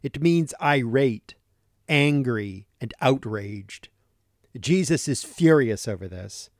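A male preacher delivering a sermon at a slow, unhurried pace, pressing hard on key words. His voice sits at a middle pitch. It is recorded close and dry, with no room sound. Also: lively intonation, no room sound. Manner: slow, deliberate and emphatic, stressing key words. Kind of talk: sermon teaching from scripture.

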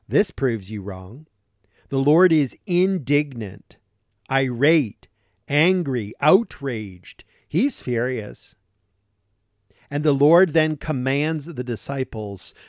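Slow, emphatic male preacher, dry sound. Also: mid-range voice, darkish tone, dry recording. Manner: slow, deliberate and emphatic, stressing key words. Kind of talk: sermon teaching from scripture.

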